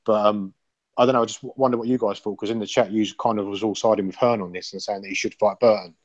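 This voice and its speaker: A man's voice: lowish voice, steady tone, fast, darkish tone, dry recording. A man hosting a casual podcast panel chat, rambling and opinionated and swearing freely. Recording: dull lo-fi sound.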